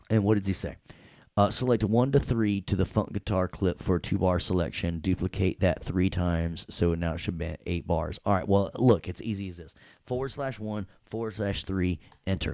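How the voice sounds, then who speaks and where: A man's voice: sits low, normal speed, a little mellow, no room sound, studio quality. A middle-aged man with a New York accent teaching an audio workstation lesson, joking around and scatting along with the music. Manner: playful, jokey, scats and hums along to the music. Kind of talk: casual screen-recorded lesson.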